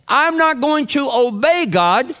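A man's voice: extremely high pitch, animated, takes it slowly, bright, forceful tone. A man preaching a sermon to his congregation in a conversational, humorous storytelling way. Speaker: pastor. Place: church sanctuary with congregation.

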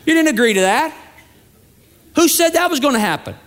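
A man's voice: very high-pitched, expressive, fairly quick, fairly bright tone. A male pastor preaching a sermon, telling stories and acting out the voices of the people in them. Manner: storytelling with acted-out voices, building to emphatic peaks.

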